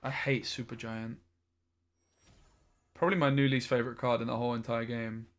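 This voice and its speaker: A man's voice: medium pitch, flat delivery, normal speed. A man streaming a card game, thinking aloud in a frustrated way and swearing often. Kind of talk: live-streamed gameplay commentary.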